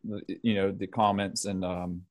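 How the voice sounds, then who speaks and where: A man's voice: deep voice, little pitch movement, unhurried, crowd noise. A man with a Southern drawl co-hosting a casual podcast, laid-back and modest. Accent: Southern American drawl. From Southern United States. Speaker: podcast co-host and art director.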